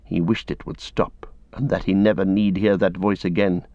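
A man narrating a fantasy novel aloud in a steady, measured voice. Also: low-pitched, no echo. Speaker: audiobook reader. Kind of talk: scripted narration. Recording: dull lo-fi dry recording.

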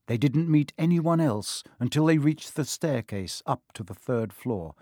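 Man reading a storybook aloud, slow and lively, super dry close mic. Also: medium pitch, no echo. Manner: expressive, measured reading. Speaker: audiobook narrator. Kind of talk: storybook narration.

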